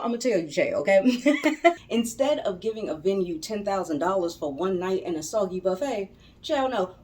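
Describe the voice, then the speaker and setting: A middle-aged vlogger and business coach from the Maryland suburbs of Washington DC talks casually to the camera for her viewers, laughing often and tossing in folksy asides. Her voice is on the low side with a darkish tone.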